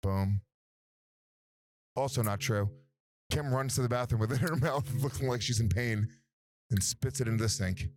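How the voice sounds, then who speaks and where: A brash man with an ordinary mid-range voice swears freely and teases his friends from the seat of a moving car. His talk is crude, quick to mock and full of laughs. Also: mid-range voice, darkish tone. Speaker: comedian guest. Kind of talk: casual chat on a road trip.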